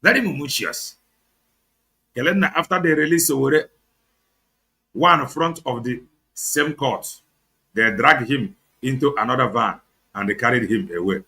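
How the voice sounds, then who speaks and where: A man's voice: mid-range voice, moderate pace, long pauses, pushed and bright. A Nigerian man with an Igbo accent, hosting an online show, giving heated, sarcastic political commentary and switching between English and Igbo. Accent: Nigerian, Igbo-speaking.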